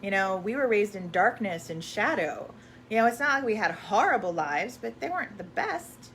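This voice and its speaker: A woman's voice: medium pitch, animated, moderate pace, fairly bright tone, slight background noise. A woman hosting a live question-and-answer stream, talking casually and rambling with many fillers and restarts.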